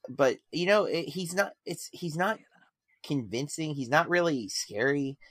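A man's voice: a little high, animated, unhurried, fairly bright tone, breathy edge, dry recording, studio quality. A man chatting casually in a film review, enthusiastic and rambling with many restarts.

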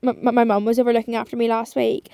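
A woman's voice: fairly high pitch, level tone, fast talker, creaky, dark tone, no echo, studio quality. A woman in her twenties hosting a casual solo podcast, rambling and chatty, swearing often and saying "like" constantly. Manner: rambling, chatty, swears a lot, heavy use of like. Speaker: podcast host.

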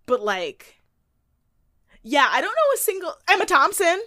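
A woman's voice: extremely high pitch, huge pitch swings, a little slow, bright, forceful tone, dry recording, studio quality. A woman co-hosting a podcast, chatting casually and snarkily about a movie, laughing often. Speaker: podcast co-host recapping a movie. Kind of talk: casual chat.

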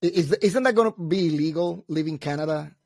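A man with a notably high voice tells stories in a lively, casual way, jumping into the voices of the people in his tale. The recording is dry and close, with no room sound. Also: brisk, dry recording. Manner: animated, acts out both sides of his story, laughs at himself. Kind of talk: casual storytelling chat.

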